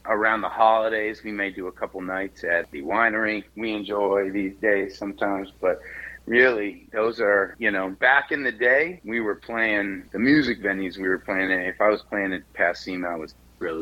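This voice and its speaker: A man's voice: low voice, steady tone, moderate pace, no echo, highs cut off. A man from the Boston area, a singer-songwriter guest, chatting loosely in an interview and swearing casually. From Boston area, USA.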